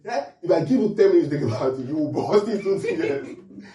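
A man's voice: fairly high pitch, brisk, reverberant, far from the mic, muffled recording. A man preaching a humorous sermon, laughing often and checking in with his listeners. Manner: animated, laughing often, asks the audience questions.

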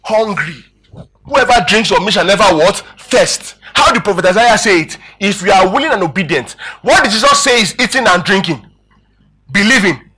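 A man preaching a sermon, animated and emphatic, calling out questions to his congregation. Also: sits high, normal speed, very noisy. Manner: emphatic, animated preaching with rising and falling volume.

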